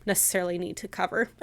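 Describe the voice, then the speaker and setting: A woman co-hosting a history podcast, chatty and enthusiastic with frequent laughs. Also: medium pitch. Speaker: podcast co-host. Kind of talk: casual history podcast chat.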